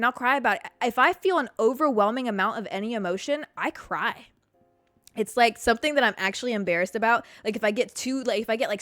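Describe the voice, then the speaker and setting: Young woman podcast host, casual and blunt, laughs a lot, squeaks up high when shocked, dry close sound. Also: no echo. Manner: candid, swears freely, laughs often; animated, jumps to high pitch when reacting. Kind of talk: casual solo podcast chat.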